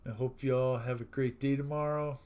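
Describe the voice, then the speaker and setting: A man's voice: mid-range voice, fairly even intonation, clean tone. A man hosting a casual live stream, reading out viewers' jokes, laughing often and signing off to his chat. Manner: slow, warm sign-off talk with frequent laughing at chat jokes. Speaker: livestream host.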